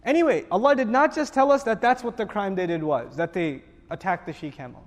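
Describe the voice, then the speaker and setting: A man's voice: high voice, fairly quick, in a large hall. A man teaching a Quran commentary lesson to a live audience, explaining with rhetorical questions and reciting Arabic phrases. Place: lecture hall with audience.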